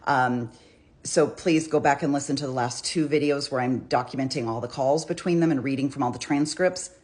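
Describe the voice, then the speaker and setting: A woman talking casually about a criminal case, chatty and quick to restart her sentences. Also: very deep voice, a little mellow. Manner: chatty, restarts often, reads out quotes with feeling. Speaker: true crime commentator. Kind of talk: casual true crime commentary.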